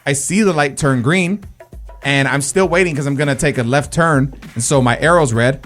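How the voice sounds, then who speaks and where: A man's voice: mid-range voice, normal speed, soft background music. A man hosting a radio show, telling stories in casual chat and often calling people bro. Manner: animated storytelling, says bro a lot.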